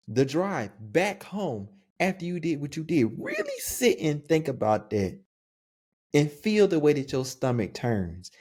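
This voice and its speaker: A young adult man co-hosting a podcast in casual, slangy chat. He laughs often and talks with an easygoing, animated manner. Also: medium pitch. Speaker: podcast co-host.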